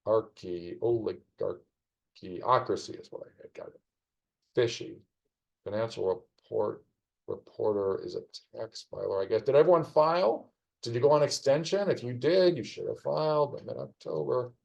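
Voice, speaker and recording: A low, gravelly-voiced man talks through puzzle clues on a live stream, muttering and musing out loud. His tone is mellow and dark, and he drifts into wry little asides as he goes. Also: moderate pace, muffled recording. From United States. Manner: rambling, wry asides, thinking aloud. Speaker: streamer solving a crossword. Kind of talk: casual live-stream commentary while solving.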